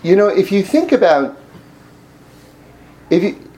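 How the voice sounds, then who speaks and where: High-voiced male Torah teacher, lively and informal, laughs easily between points. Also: slow pace, low-quality recording. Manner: animated, laughing, repeats words while thinking.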